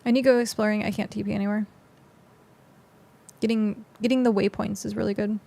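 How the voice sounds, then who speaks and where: Young woman, game streamer, loose rambling chat, slight vocal fry. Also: mid-range voice, level tone, fairly quick, dark tone. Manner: chatty, rambling, lots of fillers. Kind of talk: casual gameplay commentary.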